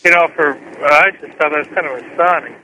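A man's voice: a little high, fast talker, sharp tone, low-quality recording. A middle-aged man calling a radio show, telling a story in a friendly way and acting out the quoted voices. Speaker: radio caller.

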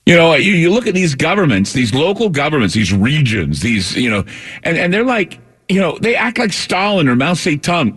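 Husky ranting male radio host. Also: on the high side, very animated, normal speed, fairly bright tone. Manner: combative, ranting, sarcastic. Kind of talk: talk radio monologue.

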